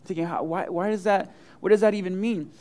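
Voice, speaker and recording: A middle-aged male pastor preaching a sermon, telling funny personal stories and acting out the quotes with big swings in voice. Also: a little fast. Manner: animated storyteller, acts out quotes with big swings of pitch and loudness.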